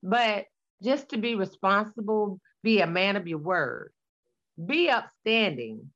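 A woman's voice: medium pitch, expressive, takes it slowly, a bit bright. Woman in her forties, sassy blunt storyteller, casual talk, slightly muffled recording. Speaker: guest. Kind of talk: casual conversation.

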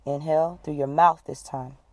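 A woman coach leading listeners through a guided breathing exercise, giving calm, repeated instructions. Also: sits low, normal speed, no room sound. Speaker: wellness coach.

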